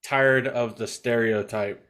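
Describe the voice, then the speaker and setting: A man's voice: medium pitch, fairly even intonation, slow, a bit bright. A man from the Southern United States co-hosting a podcast, sardonic and blunt with plenty of swearing. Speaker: podcast co-host. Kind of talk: casual podcast chat.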